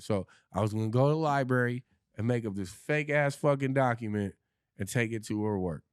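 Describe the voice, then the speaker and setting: A man's voice: medium pitch, moderate pace, smooth, no room sound. Blunt, dry-recorded man telling his story. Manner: blunt, profane, with frequent restarts. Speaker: podcast guest. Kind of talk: candid personal storytelling.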